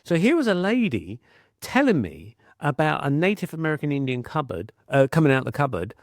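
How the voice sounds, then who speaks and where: A man's voice: on the high side, brisk, dry recording. British man telling a story, dry sound. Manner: animated storyteller, acts out quoted voices, frequent restarts. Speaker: podcast guest. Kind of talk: conversational storytelling.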